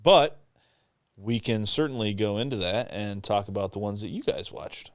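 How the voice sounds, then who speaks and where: A man's voice: lowish voice, animated, normal speed, no echo, clean studio sound. Profane, laughing podcast man. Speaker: podcast co-host. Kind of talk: casual chat.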